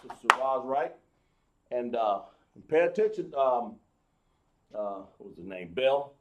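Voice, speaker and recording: A man teaching a live class, explaining slowly, with many fillers and restarts. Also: mid-range voice, sing-song, sharp tone, roomy sound, slight background noise. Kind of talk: live online class lesson.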